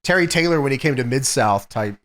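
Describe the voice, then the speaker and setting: A man's voice: mid-range voice, lively intonation, brisk, fairly bright tone. Profane, joking podcast man. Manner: profane, joking rants in character. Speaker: podcast co-host. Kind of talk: casual chat about wrestling.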